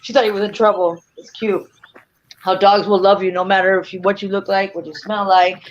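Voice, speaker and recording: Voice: mid-range voice, level tone, fairly quick, muffled recording. A guest speaker telling a rambling anecdote in casual chat, with lots of fillers.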